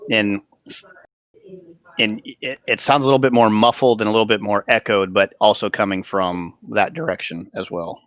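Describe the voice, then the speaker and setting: Bright-voiced game master, dry close sound. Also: male voice, fairly low pitch, fairly even intonation, normal speed, no room sound. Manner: hesitant, searching for words. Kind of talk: narrating a tabletop game.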